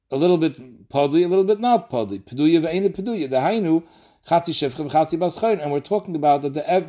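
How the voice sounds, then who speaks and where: A man teaching a daily Talmud class, explaining quickly and mixing in Aramaic and Yiddish terms. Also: fairly high pitch, warm tone.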